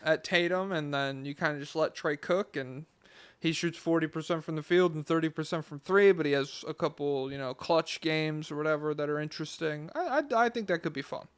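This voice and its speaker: A laid-back man chatting basketball on a podcast, rambling through his points and swearing casually. His voice sits a bit higher than most men's. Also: brisk, clear, resonant tone. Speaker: podcast co-host. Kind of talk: casual sports chat.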